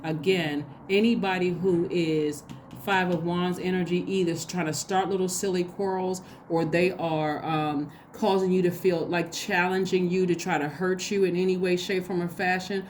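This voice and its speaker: A woman giving a casual spoken tarot reading, chatty and excitable, talking straight to her viewers. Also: fairly low pitch, normal speed, a little hiss or hum. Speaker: tarot reader.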